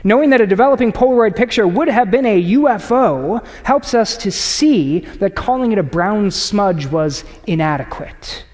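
A man delivers a sermon in a casual, storytelling way and acts out little exchanges. His voice sits high for a man. A long reverb trails behind him, like a church auditorium. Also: normal speed, hardly any pauses. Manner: conversational, animated storytelling with acted quotes. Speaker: pastor. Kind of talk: sermon to a congregation.

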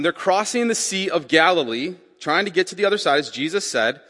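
Speaking in a large hall, a man delivers a sermon in a conversational way, repeating key phrases and putting questions to the congregation. He's a pastor with a slightly high voice and a fairly bright tone.

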